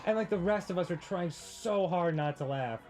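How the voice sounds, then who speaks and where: A man's voice: sits high, normal speed, darkish tone, faint music behind. A man co-hosting a casual chat, telling a story in a rambling way full of fillers, restarts and laughter. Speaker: podcast co-host.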